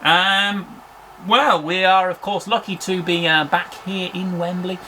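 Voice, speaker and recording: Brief: male parody commentator, rambling sign-off, bright slightly high voice. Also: steady tone, measured pace, a little hiss or hum, poor audio. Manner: rambling, full of fillers, broadcaster-polite. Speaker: mock football commentator.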